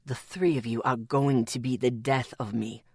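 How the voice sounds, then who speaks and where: A gruff, centuries-old man, as a woman narrator puts him on speaks low and clipped. His words come out stern and protective. The audiobook recording is dry and close. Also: steady tone, moderate pace, darkish tone, no echo, full character voice.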